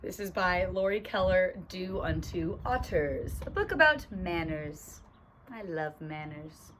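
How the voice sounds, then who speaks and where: A bubbly young woman teacher reads a picture book aloud, chatting to the kids between pages and tossing in "right?" after her points. Her voice leaps up and down in pitch and sounds like a phone recording. There is a faint hiss of room noise behind her. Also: animated, slow pace, a bit bright. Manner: bubbly and chatty, lots of "right?" asides and giggles.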